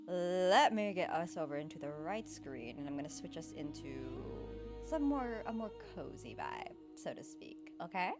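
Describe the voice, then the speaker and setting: A young woman streaming, talking in a fairly low voice that swings up and down a lot. She complains in a dramatic, playful way and laughs often. Soft music plays behind her. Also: big pitch swings, normal speed, hardly any pauses. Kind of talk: casual stream chat.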